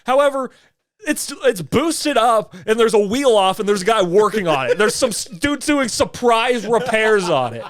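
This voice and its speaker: A man co-hosting a podcast, telling a long dream story in animated, swearing, laughing casual chat. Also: high-pitched, moderate pace. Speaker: podcast co-host.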